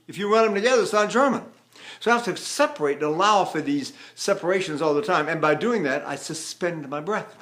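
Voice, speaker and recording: Brief: older male tenor coach, high speaking voice, animated teaching, drops into song to demonstrate. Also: fairly quick. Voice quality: trained tenor voice. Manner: animated, breaks into sung phrases. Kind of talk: vocal lesson with sung demonstrations.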